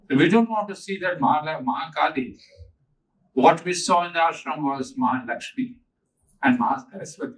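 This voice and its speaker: Older man, spiritual teacher addressing a gathering; earnest and emphatic, higher-pitched. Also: lively intonation, a little fast, recorded from a distance, low-quality recording. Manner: earnest, emphatic, repeats key phrases.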